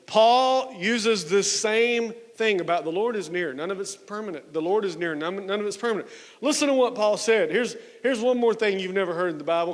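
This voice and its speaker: A male pastor preaching a sermon, emphatic, slowing and dropping low and soft on key words. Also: big-room sound. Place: church sanctuary.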